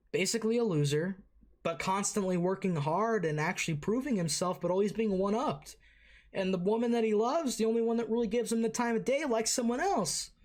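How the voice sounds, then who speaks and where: An anime reaction host giving casual, rambling commentary, swearing freely and full of fillers and restarts. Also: mid-range voice.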